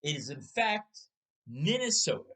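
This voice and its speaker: A man's voice: on the high side, big pitch swings, a little slow, fairly bright tone, slightly rough, low-quality recording. A man in his sixties hosting a casual talk show, telling stories and putting rhetorical questions to his listener. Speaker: podcast host. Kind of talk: casual storytelling chat.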